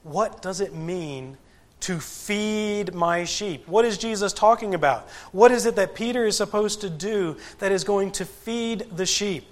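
A male preacher delivers a sermon in an unhurried, measured cadence, leaving long pauses between phrases. His voice sits a little higher than most men's, and he leans on rhetorical questions to press his points home. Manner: deliberate, emphatic, with frequent pauses and rhetorical questions. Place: church gathering.

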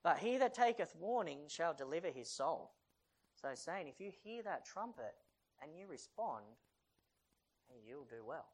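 A preacher mid-sermon, with a middling pitch and a moderate pace, reads King James verses aloud and then explains them in chatty asides. He often asks the congregation questions, his pitch swings widely, and he builds to loud, urgent pleading. The recording quality is low.

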